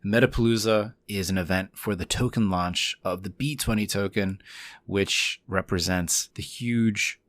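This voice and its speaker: A man's voice: deep voice, no room sound. A man hosting a podcast, introducing the episode and chatting casually with his guest in an upbeat way. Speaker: podcast host.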